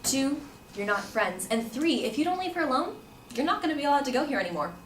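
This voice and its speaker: A woman's voice: mid-range voice, normal speed, a bit bright, roomy sound, distant mic, slight background noise, lightly acted. A no-nonsense woman security guard lays down the rules plainly and firmly, as a storyteller quotes her. The voice stays close to the teller's own, heard from a little way off the mic. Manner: firm, matter-of-fact.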